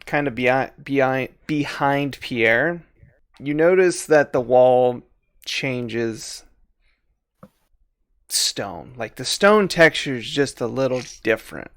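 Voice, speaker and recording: A man's voice: medium pitch, takes it slowly, no echo, studio quality. A man narrating a tabletop game as its game master, describing scenes and laughing often between descriptions. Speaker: dungeon master. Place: live-stream home setup.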